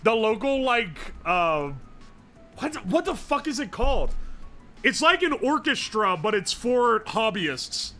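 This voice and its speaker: A man's voice: extremely high pitch, sing-song, slow, bright, forceful tone, faint music behind. A man streaming live, chatting casually and profanely as he rambles and answers his chat.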